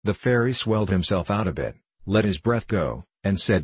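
A man reading a children's storybook aloud in an even, measured way. His voice sits very low with a husky grain, recorded close and dry with no room sound. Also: dry recording. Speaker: audiobook narrator. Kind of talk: storybook narration.

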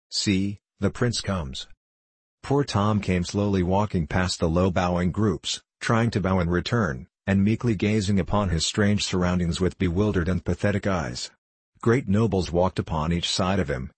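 Low husky male storyteller. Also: no echo, low-quality recording. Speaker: narrator. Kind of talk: audiobook narration.

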